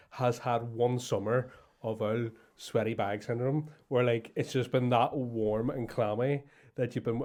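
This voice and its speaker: A man's voice: mid-range voice, darkish tone. A man co-hosting a podcast, joking crudely and laughing often in casual chat. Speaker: podcast co-host.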